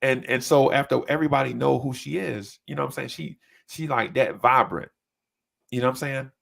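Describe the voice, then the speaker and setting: A man telling a story in casual chat, animated and often breaking into high voices to mimic people. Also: brisk, creaky. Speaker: podcast co-host.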